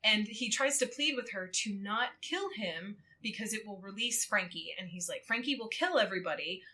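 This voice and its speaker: A woman chatting casually on a podcast, retelling a story with lively acted quotes and frequent laughter. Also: mid-range voice, moderate pace, a little hiss or hum. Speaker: guest co-host. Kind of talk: casual podcast chat, recapping a book.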